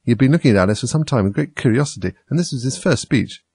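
A man narrating a classic storybook in an even, measured reading. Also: mid-range voice, breathy edge, no room sound.

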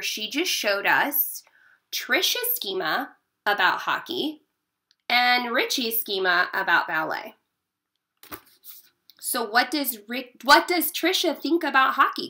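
A woman's voice: a little high, pushed and bright. A woman teacher reading a picture book aloud and chatting to her pupils in an encouraging way.

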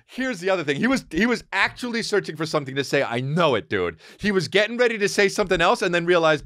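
A man hosting a comedy podcast, reacting to a clip with loud, profane, laughing commentary. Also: high-pitched, sing-song, quick pace, few pauses, no room sound, studio quality. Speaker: podcast host.

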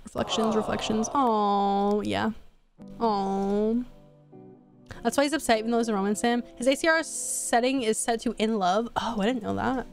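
Excitable higher-voiced woman streamer. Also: gravelly, soft background music. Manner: excitable, swears, quick exclamations. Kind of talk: casual gameplay commentary.

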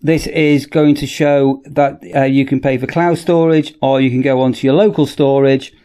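A man giving a casual, chatty product demonstration in a workshop, often repeating "as I say" and pausing on ums. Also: medium pitch, fairly even intonation, dark tone, clear, resonant tone. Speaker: product reviewer.

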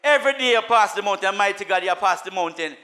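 High bright-voiced preacher. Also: male voice, lively intonation, quick pace. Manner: preaching with call-and-response and chanted repetition; laughing asides, swings from soft to shouting. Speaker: minister. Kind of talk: sermon.

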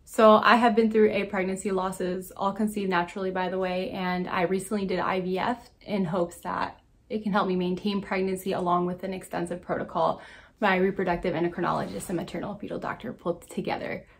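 A woman's voice: lowish voice, little pitch movement, brisk. A young adult woman talking to camera in a casual vlog, earnest and supportive, speaking directly to her viewers. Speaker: vlogger sharing personal experience.

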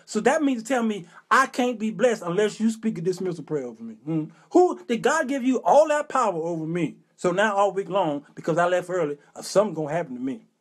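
A middle-aged man hosting his own talk show, venting in an animated, exasperated comic rant full of rhetorical questions and casual vernacular. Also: high voice, slightly rough. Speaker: show host.

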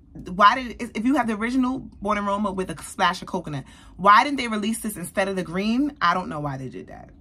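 A woman beauty vlogger, likely in her thirties, reviewing a perfume in an animated, chatty way and talking straight to her viewers. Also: mid-range voice, husky. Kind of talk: casual product review.

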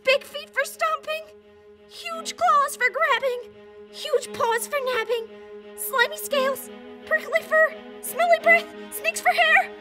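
A woman voicing a chatty, excitable little boy puppet who hosts a children's show and talks straight to the viewer. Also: very high-pitched, takes it slowly, over music. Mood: nervous. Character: playful little boy puppet, pre-school vlogger.

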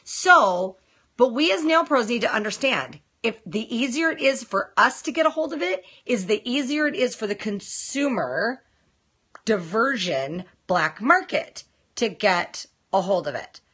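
A woman's voice: a little high, lively intonation, a little slow, a bit bright, slightly rough. A woman from the United States, a nail technician hosting a casual live broadcast, blunt and exasperated, talking straight to her viewers. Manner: blunt and exasperated, addresses viewers and comments directly. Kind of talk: casual live-stream chat.

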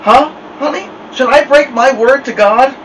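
A man's voice: extremely high pitch, unhurried, fairly bright tone, recorded from a distance, slight background noise, pitched above the performer's own voice, rough recording. A man voicing a stern mother who talks sweetly while threatening her son, in a storybook reading. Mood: menacing sweet. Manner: sweet-talking with menace. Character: stern fierce mother, coaxing then threatening.

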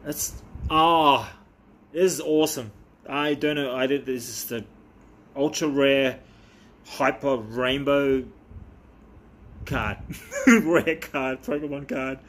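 A man talking casually as a vlogger while opening trading cards, excitable and chatty with quick bursts of delight. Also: medium pitch. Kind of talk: casual chat.

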